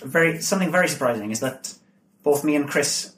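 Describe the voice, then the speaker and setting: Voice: medium pitch, expressive, a little fast, a bit bright, a little hiss or hum. Chatty podcast host in a roomy kitchen. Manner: chatty, explaining to listeners. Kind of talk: casual interview chat.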